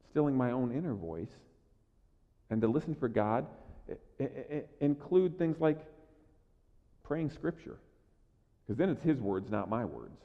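Heard on a dull, lo-fi recording, a pastor's slightly high voice echoes around a long hall as he gives a sermon. His delivery is casual and conversational, sinking to near-whispered asides before building louder to stress a point. Stammers are frequent, with words repeated each time he starts over.

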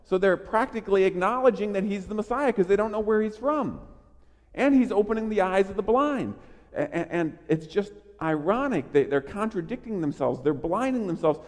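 A man preaching with a fairly high voice, emphatic and animated, often stumbling over his first words before pushing on. His sermon rings out with a long reverb from a large church hall. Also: normal speed. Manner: emphatic, animated, with frequent restarts. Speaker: pastor.

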